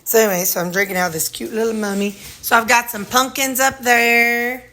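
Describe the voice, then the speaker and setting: A woman's voice: a little high, flat delivery, a little fast, bright, forceful tone. Casting note: easygoing Missouri woman, home vlogger, rambling and chatty, filmed on a handheld phone. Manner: rambling, chatty, talks to her dogs. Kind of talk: casual home tour vlog. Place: her house, indoors.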